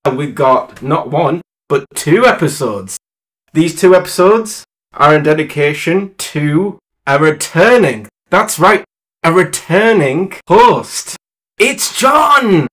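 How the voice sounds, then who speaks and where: A man's voice: fairly high pitch, expressive, takes it slowly, a bit bright. A man hosting a casual podcast, playful and jokey with his friends. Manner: playful, jokey, opens with a mock American accent. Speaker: podcast host.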